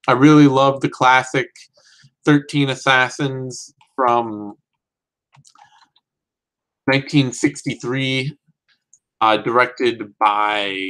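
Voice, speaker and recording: A man's voice: mid-range voice, fairly bright tone, clear, resonant tone, rough recording. A man hosting a casual film review show, talking in a rambling, self-correcting way with real enthusiasm.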